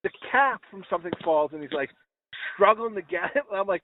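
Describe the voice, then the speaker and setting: A man hosts a casual comedy podcast, telling rambling, profane stories. His voice sits high and swings widely in pitch. It comes through a tinny, phone-like line. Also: expressive, a little fast, a crowd in the background. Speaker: podcast host. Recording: tinny phone-like call audio.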